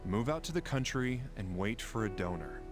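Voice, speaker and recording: Game doctor voiced by a man: middle-aged, blunt, lowish voice over strong music. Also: animated, moderate pace, close to an everyday voice. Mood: cold. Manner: curt, cold, matter-of-fact. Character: blunt jaded male surgeon, middle-aged.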